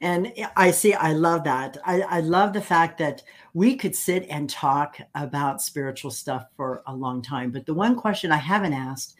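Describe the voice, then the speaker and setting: A middle-aged woman from the United States, hosting a casual chat and telling animated stories. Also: low voice, normal speed, hardly any pauses. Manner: animated storyteller, laughs easily. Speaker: host.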